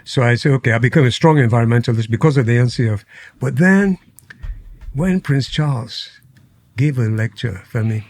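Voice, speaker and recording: In a casual storytelling interview, an older podcast guest from Nigeria talks at normal speed in a mid-range voice with a Nigerian accent. He frequently laughs, acts out quotes, and tells lively anecdotes.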